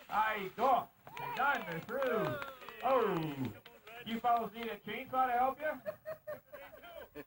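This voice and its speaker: A man emceeing an outdoor lumberjack show, joking with and teasing the contestants as he calls out the races. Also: very high-pitched. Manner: joking, teasing announcer calling out race commands. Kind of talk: live show emceeing with banter. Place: outdoor show arena on a mountain. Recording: distant outdoor home-video sound.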